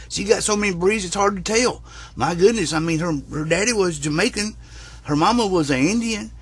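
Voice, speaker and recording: Husky man ranting. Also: fairly high pitch. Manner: rambling, profane, drawling storyteller. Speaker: comic vlogger. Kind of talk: crude folksy rant.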